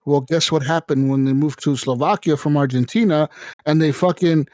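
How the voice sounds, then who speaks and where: A man hosting a podcast, telling a story in casual, excited, profane chat. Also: fairly high pitch, moderate pace, no echo, low-quality recording. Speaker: podcast host.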